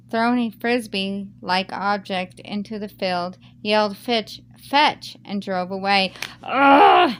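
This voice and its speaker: A woman's voice: medium pitch, a bit bright, a little hiss or hum. A woman who reads a Reddit post aloud and then reacts to it in a heated, emphatic rant. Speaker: YouTuber reading Reddit posts.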